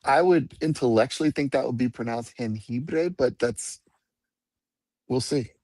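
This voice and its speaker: A man on a video call, relaxed, patiently explaining pronunciation. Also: medium pitch, a little slow, no room sound. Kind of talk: casual video-call chat.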